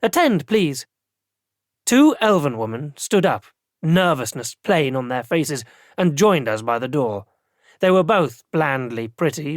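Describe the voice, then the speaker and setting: An audiobook narrator reading first-person fantasy narration in a measured, formal way. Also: mid-range voice, dry recording. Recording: dry close studio recording.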